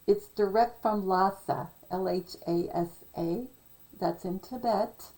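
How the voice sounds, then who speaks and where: Slow, gravelly-voiced rambling woman. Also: mid-range voice, mellow, low-quality recording. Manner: slow, meandering, musing aloud with frequent fillers. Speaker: video commentator. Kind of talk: casual rambling monologue.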